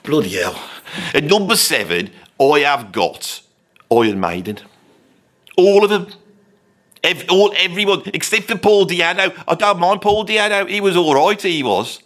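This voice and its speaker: A man's voice: sits high, lively intonation, unhurried, fairly bright tone. A man playing a grumpy Birmingham rock veteran in his sixties, with a Birmingham accent, rambling, swearing constantly and grumbling in a comic rant. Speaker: comedy character.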